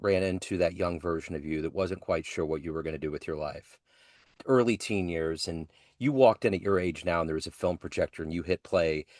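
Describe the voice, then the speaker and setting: A man's voice: sits low, darkish tone, dry recording, clean studio sound. A man hosting an interview, asking long, winding questions and giving short affirmations. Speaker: podcast interviewer.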